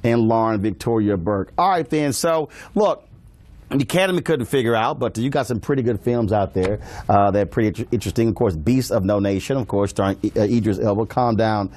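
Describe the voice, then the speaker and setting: A man's voice: lowish voice, a little fast, a little mellow. A man hosting a panel show, teasing his guests in a boisterous, joking way and laughing as he talks. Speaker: talk show host. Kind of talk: lively panel banter.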